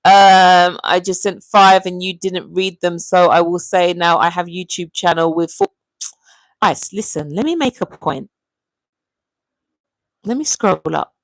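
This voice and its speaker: A woman hosting a casual livestream, chatting and reading viewer comments aloud in a lively, animated way. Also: on the low side, measured pace, pauses often, no room sound, poor audio. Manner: chatty and animated, often calling out viewers' names. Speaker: livestream host.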